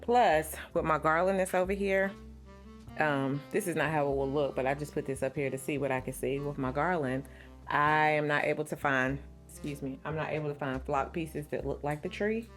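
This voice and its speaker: With faint music behind her, a middle-aged lifestyle vlogger talks to viewers at normal speed in a low, steady voice. Her voice trembles because she's shaken, and she relates the story dramatically, returning to the same phrases.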